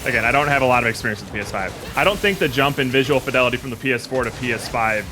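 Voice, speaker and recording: A man's voice: medium pitch, very fast, music in the background. A man streaming a game and chatting casually, opinionated and rambling with lots of fillers. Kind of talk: casual gaming chat.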